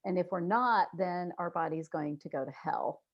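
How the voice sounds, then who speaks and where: A woman guest in a casual interview, earnest and reflective, who acts out inner voices with sudden jumps in pitch. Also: normal speed, muffled recording.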